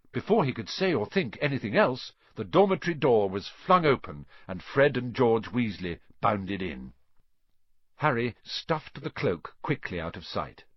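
A man narrating an audiobook in an expressive storytelling manner. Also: lowish voice, slightly rough, no room sound. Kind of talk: scripted narration. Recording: dry, slightly dull lo-fi sound.

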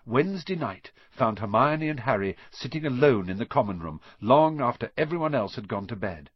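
A man's voice: mid-range voice, lively intonation, normal speed, no room sound. A man reading a children's storybook aloud, narrating expressively and voicing each character. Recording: dull dry recording.

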